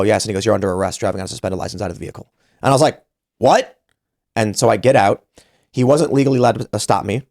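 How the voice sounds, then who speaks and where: Gravelly-voiced man telling a story. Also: on the low side, dry recording, studio quality. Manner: animated, acts out quoted voices. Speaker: podcast host. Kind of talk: casual storytelling.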